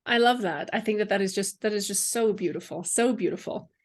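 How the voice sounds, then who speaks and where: A woman hosting an interview conversation, with a voice sitting in an ordinary middle range. She builds her questions slowly and reacts to her guest with warm exclamations. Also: medium pitch. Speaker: podcast host.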